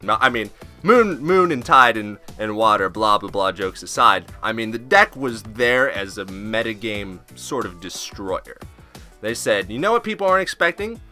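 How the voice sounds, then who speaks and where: A man's voice: lowish voice, a little slow, bright, forceful tone, soft background music. A man hosting casual commentary on a card game, joking, swearing and breaking into goofy asides. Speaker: host.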